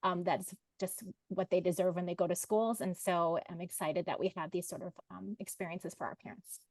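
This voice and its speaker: A woman's voice: lowish voice, fairly even intonation, normal speed, a little mellow, no echo. A woman in her forties, a literacy coach, introducing herself on a panel in a chatty way with many fillers and self-corrections.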